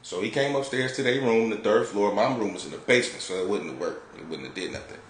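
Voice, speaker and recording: Low-voiced, profane man telling a story. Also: fast talker. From Detroit, United States. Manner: animated, profane, laid-back. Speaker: podcast host. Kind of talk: casual storytelling. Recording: roomy with faint background noise.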